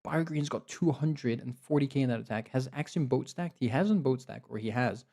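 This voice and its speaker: A man commentates a live online strategy match in an excitable, chatty way, often laughing and cheering players on. His voice has a dark, mellow tone and a slightly tired edge. He sounds like he is talking into a desktop mic. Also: medium pitch, moderate pace, gravelly. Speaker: game commentator and league host.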